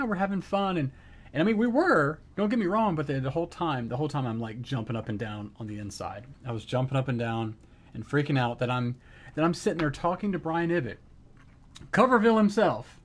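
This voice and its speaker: A middle-aged man streaming live, telling an excited story in casual chat and acting out the quotes. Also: mid-range voice, fairly quick.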